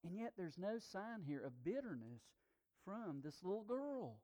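High-voiced preacher, hushed to booming. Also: male voice, very animated, a little slow. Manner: swings from hushed to loud emphatic declarations. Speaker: pastor. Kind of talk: sermon.

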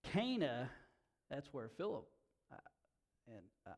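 A man preaching a sermon in a folksy, casual way, talking slowly and dropping asides like "man" and "you know.". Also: medium pitch, big pitch swings, darkish tone. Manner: slow-talking, by his own account. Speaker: pastor.

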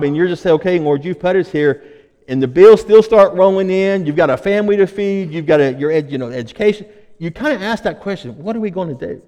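A man's voice: high voice, a little mellow, long reverb tail. A man preaching a sermon as pastor, talking conversationally and building to emphatic stretches.

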